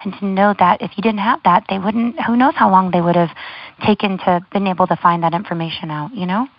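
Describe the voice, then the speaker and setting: A woman's voice: medium pitch, fairly quick, no room sound, lo-fi sound. A woman hosting an interview, responding in a reflective, supportive way with fillers. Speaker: interview host. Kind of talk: interview conversation.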